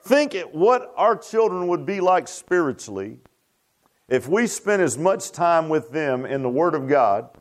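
A man preaching a sermon in a folksy, repetitive way that rises to emphatic bursts. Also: fairly high pitch. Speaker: pastor.

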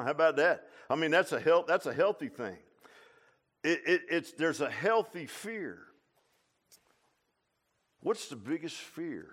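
An older man preaching a sermon in a folksy, animated way, dropping from quiet asides to loud exclamations and tossing in "huh?" and "man.". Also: a little high. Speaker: pastor.

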